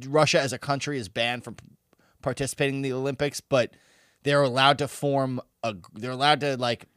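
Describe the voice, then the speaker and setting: A young man co-hosting a podcast, teasing his partner with animated, joking interjections. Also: mid-range voice, fairly quick, smooth, no echo, studio quality. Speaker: podcast co-host. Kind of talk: casual chat.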